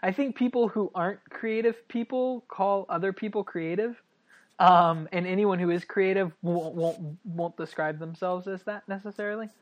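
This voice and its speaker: A woman in casual chat, quick with dry quips and laughs, halting with fillers. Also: medium pitch, steady tone.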